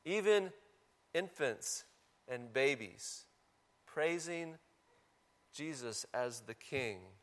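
A man's voice: medium pitch, lively intonation, very slow, pauses often. A man preaching a sermon in a church, talking casually and asking the congregation questions. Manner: conversational, asks the congregation questions. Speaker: pastor.

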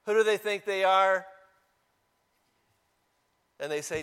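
Conversational preacher with a higher voice. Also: male voice, takes it slowly, fairly bright tone, clean tone. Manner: conversational, asks the congregation questions. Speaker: pastor. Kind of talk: sermon.

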